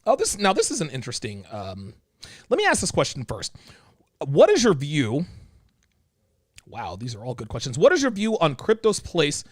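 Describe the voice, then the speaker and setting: A man hosts a relaxed conversation and tells anecdotes with lots of filler and false starts. His voice sits somewhat high, and the recording is dry with no room sound. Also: normal speed, long pauses, no echo. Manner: rambling, many fillers and restarts. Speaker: host. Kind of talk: casual chat.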